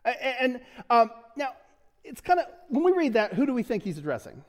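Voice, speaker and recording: A man with a fairly high voice gives a casual sermon as pastor, full of jokes and little laughs. His words trail off into a long reverb, as if he is speaking in a large church hall. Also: very animated, a little fast. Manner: joking, chuckling often, restarts and fillers.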